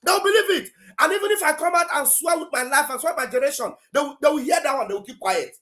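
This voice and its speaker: A man's voice: very high-pitched, lively intonation, fast, a bit bright. A man with a Nigerian accent, a pastor hosting a live online talk show, ranting angrily and hurling curses at critics.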